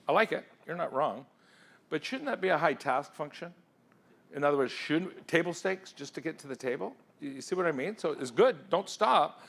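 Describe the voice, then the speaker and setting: A man giving an interactive talk at a conference, firing questions at the audience in an energetic, persuasive way. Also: on the high side, a little fast. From England. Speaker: keynote speaker. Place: conference hall.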